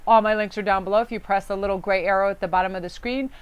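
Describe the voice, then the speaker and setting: A woman gives a casual tarot reading to her viewers, chatty and effusive. Her voice is smooth and clear at an ordinary middle pitch. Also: fairly even intonation, racing, no echo. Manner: effusive, chatty, reads card texts aloud. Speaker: tarot card reader. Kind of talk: casual spiritual card reading.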